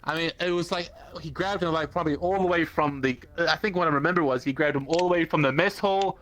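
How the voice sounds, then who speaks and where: A man's voice: on the high side, fast, fairly bright tone. A man in in-character roleplay chat who jokes crudely about the other characters. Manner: crude, joking banter. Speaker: roleplay player.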